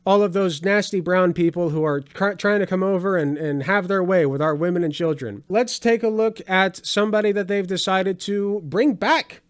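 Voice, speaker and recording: A man's voice: high-pitched, normal speed, hardly any pauses, clean tone. A man hosting a political commentary show, talking in a sarcastic, conversational way with dry asides.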